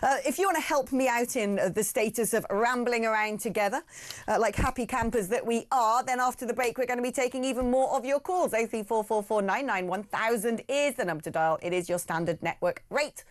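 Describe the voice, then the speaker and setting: A woman's voice: fairly high pitch, a little fast. A woman hosting a talk radio phone-in, chatty and opinionated, who admits she rambles.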